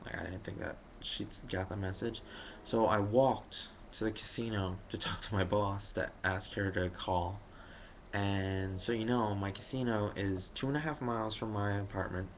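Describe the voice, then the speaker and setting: A young man who vlogs recounts his day in a rambling, jokey way, using lots of fillers and poking fun at himself. His voice is on the low side and fairly even in intonation, at a normal speed. A little hiss or hum runs through the audio.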